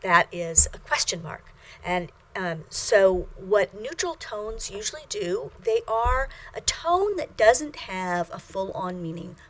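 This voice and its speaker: Lecturing teacher, a woman, slow and careful with fillers, sings out the example syllables. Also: mid-range voice, sing-song. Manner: slow and deliberate, with uhs and ums. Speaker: language teacher. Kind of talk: recorded lecture.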